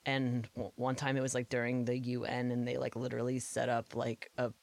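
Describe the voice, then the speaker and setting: A woman's voice: very deep voice, completely flat delivery, brisk, creaky, a little mellow, no room sound. A woman co-hosting a podcast in casual chat, laughing often and packing her talk with filler words and swearing. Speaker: podcast co-host.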